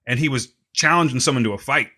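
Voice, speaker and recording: A man's voice: mid-range voice, fast, sharp tone. A man co-hosting a podcast, bantering casually and easily agreeing. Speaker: podcast co-host. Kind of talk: casual chat.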